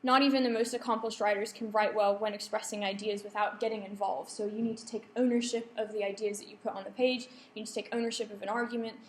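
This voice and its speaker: A woman's voice: medium pitch, little pitch movement, fast talker, hardly any pauses. A young woman giving a writing workshop to students, explaining points with frequent ums and self-corrections. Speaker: lecturer. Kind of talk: academic writing workshop talk. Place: lecture room. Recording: echoey lecture room.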